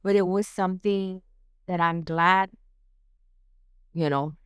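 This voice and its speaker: Hesitant middle-aged woman, lower voice. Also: steady tone, takes it slowly, clear, resonant tone, no echo, studio quality. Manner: hesitant, restarts often, searches for words with "you know" and "um". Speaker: guest, the host's mother. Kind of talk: casual heartfelt conversation.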